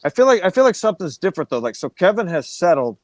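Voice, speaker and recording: Fast, ranting podcast man. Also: sits high, sing-song, no echo. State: angry. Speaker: podcast co-host. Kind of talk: casual profane podcast banter.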